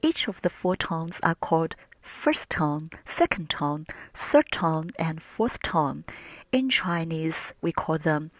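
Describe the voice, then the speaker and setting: A woman teaching Mandarin pronunciation, carefully demonstrating each tone in drawn-out syllables. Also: low-pitched, big pitch swings, no echo. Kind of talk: pronunciation lesson.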